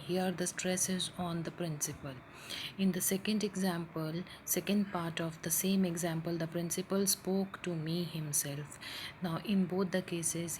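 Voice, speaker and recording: A woman teacher walks through a grammar lesson in a somewhat low voice. She explains step by step and checks in often with "right?" and "okay". A faint hiss of noise sits under the recording. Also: poor audio.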